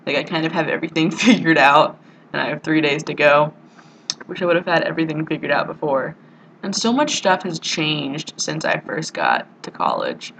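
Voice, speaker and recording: A woman's voice: deep voice, very animated, moderate pace, creaky, fairly bright tone, a little hiss or hum, rough recording. A young woman in a casual vlog monologue, rambling and self-mocking, swearing freely and full of "like" and "you know". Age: young adult. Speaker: vlogger. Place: college dorm room.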